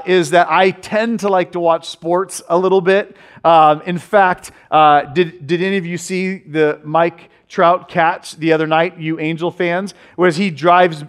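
High-voiced chatty male pastor. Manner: chatty storytelling with humor and asides; often asks listeners "right?". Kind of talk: conversational sermon.

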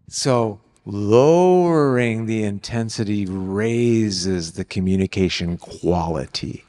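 An older man preaching on marriage, animated, acting out quoted lines with bursts of loud exclamation. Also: fairly low pitch, takes it slowly, few pauses. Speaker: speaker on marriage. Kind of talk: sermon. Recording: long hall reverb.

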